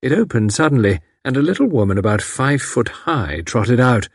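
Lively husky male narrator. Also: medium pitch, moderate pace, no room sound, studio quality. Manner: lively, expressive reading. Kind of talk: audiobook narration.

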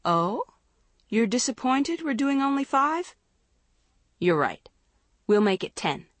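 A woman's voice: mid-range voice, measured pace, no echo, natural voice. A woman narrator voicing a female swim coach who gives orders with dry teasing humor. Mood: brisk. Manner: commanding, joking.

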